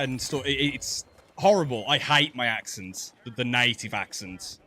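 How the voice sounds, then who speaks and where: A young English man with a softened Black Country accent talks casually over his gameplay, laughing easily and stumbling over his words now and then. His voice is bright and forward, with a pitch that sits in the middle. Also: animated, normal speed. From English West Midlands. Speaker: streamer. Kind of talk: casual chat while gaming.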